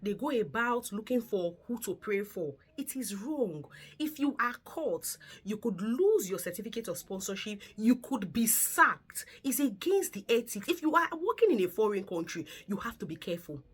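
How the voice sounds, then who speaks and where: A woman's voice: mid-range voice, very animated, moderate pace, hardly any pauses, slightly rough. A woman nurse from Africa giving earnest, lecturing advice in a casual vlog, repeating her warnings and asking rhetorical questions. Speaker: nurse giving advice to migrant care workers.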